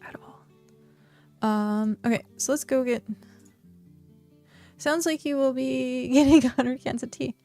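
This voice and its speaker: A woman's voice: sits high, measured pace, long pauses, dark tone, faint music behind. A woman streaming a game, chatting casually, talking to herself and reading chat aloud. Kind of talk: casual live-stream chat while gaming.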